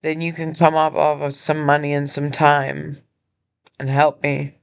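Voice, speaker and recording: Injured woman host, emotional and earnest, halting delivery, in a hospital room. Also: deep voice, little pitch movement, gravelly. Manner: earnest, halting, with many pauses and restarts. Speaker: podcast host and nonprofit founder. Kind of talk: personal appeal monologue.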